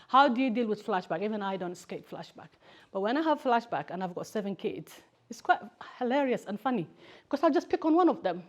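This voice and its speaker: A woman whose first language is Somali, giving a lively personal talk to students as a campaigner, telling stories animatedly. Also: mid-range voice, fairly quick, dull audio. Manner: animated storytelling, acts out family members' voices.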